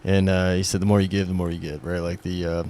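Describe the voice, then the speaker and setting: A man's voice: low voice, level tone, fast, dark tone, a little hiss or hum. A male podcast host speaking reflectively in casual conversation, rambling a little and often saying "man".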